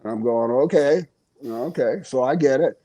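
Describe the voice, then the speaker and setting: An older man who is a guest on an interview podcast, telling stories in a casual, animated way, chuckling often and acting out the quoted voices. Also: medium pitch, moderate pace. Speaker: interview guest, retired pro wrestler.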